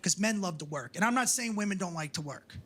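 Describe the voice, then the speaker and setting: Brash high-voiced male stand-up comic. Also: animated, fast, breathy edge. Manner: brash, profane, mocking, shouts and puts on voices for punchlines. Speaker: stand-up comedian. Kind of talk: stand-up comedy set. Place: comedy club stage with a laughing audience. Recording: live club recording with audible crowd ambience.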